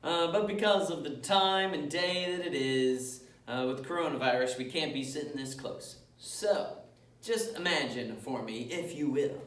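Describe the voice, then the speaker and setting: A man's voice: on the high side, unhurried, a bit bright, reverberant, recorded from a distance. A male music teacher leading an elementary class through rhythms, patient and step by step, chanting the rhythm syllables in time.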